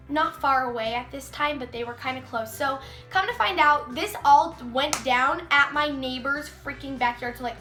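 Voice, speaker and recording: This high-pitched woman's voice sounds pushed and bright as a teenage girl chats through a storytime vlog. She leans heavily on "like" and performs the quotes herself. Faint music plays in an echoey room.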